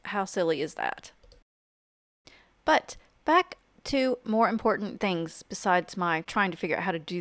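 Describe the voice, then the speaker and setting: Chatty woman, smooth dry voice-over. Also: medium pitch, dry recording. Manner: chatty, enthusiastic, fast-talking with self-deprecating asides. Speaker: art journaling teacher. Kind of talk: casual voice-over narration. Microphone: home voice-over mic.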